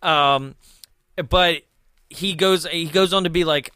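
Man, casual storyteller, film commentary host, acts out quotes, laughs a lot, bright tone. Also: fairly high pitch, slow, pauses often, clear, resonant tone, dry recording, studio quality. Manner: animated, acts out quoted voices, laughs often.

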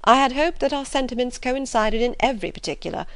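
A woman reading the part of a sardonic older father in an audiobook, measured and ironic. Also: on the high side, lively intonation, a bit bright, dry recording, pitched above the performer's own voice.

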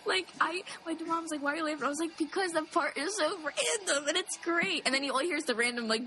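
A young woman in a casual movie chat, bubbly and giggly, acting out quotes in quick bursts. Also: high voice, pushed and bright.

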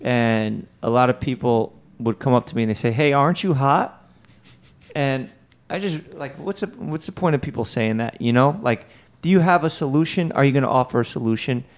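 A man's voice: medium pitch, animated, a little fast. A man co-hosting a podcast in casual chat, joking and rambling through his complaints and reading ads. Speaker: podcast co-host.

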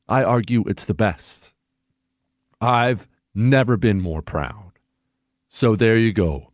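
A man's voice: fairly low pitch, takes it slowly, long pauses, no room sound, clean studio sound. A man hosting a political talk radio show, delivering a fiery, emphatic monologue that shifts into mocking put-on voices.

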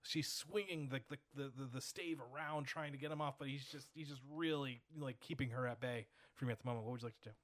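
A man narrates a tabletop horror game as game master. He talks at a middling pitch and often stumbles, repeating words as he builds each scene. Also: quick pace, hardly any pauses, a bit bright, dry recording.

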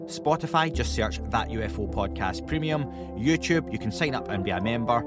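A man from Glasgow with a Scottish accent, hosting a podcast in a friendly, wry way and reading plugs briskly. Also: mid-range voice. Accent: Scottish, Glaswegian. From Scotland, Glasgow. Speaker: podcast host. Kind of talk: casual interview and scripted outro.

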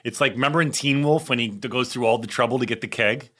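Bright-voiced man from New Jersey. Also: medium pitch, fast talker. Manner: playful interjections. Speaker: podcast co-host. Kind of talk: casual chat.

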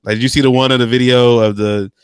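A man's voice: mid-range voice, steady tone, clear, resonant tone, no room sound. A young man co-hosting a casual chat podcast, slangy and profane, often drawing out his words. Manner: slangy, profane, drawn-out delivery. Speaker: podcast co-host.

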